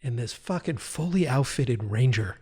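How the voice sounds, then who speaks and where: Speaking at a moderate pace with a breathy edge and medium pitch, this thirtysomething music video director is a guest on a podcast. His storytelling is casual, profane, and animated, broken up by frequent laughter.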